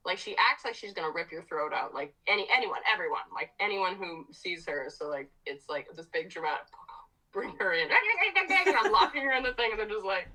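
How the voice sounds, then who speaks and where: A woman's voice: medium pitch, very animated, brisk, sharp tone, poor audio. A woman from Ireland, a musician guest in a casual interview, chatty, laughing often and swearing freely.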